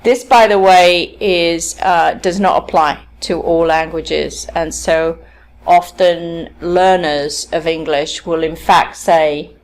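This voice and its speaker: A woman with a somewhat low voice delivering a recorded university lecture. She explains patiently, often pausing to ask "okay?", and acts out example sentences to show where the stress falls. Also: fairly even intonation. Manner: explanatory, frequent checking "okay?".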